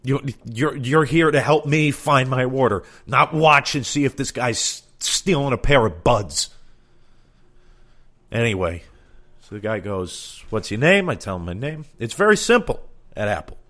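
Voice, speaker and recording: A man's voice: mid-range voice, lively intonation, a little slow, a bit bright. A man doing a comedic storytelling monologue, exasperated and profane, acting out both sides of the conversations he recounts.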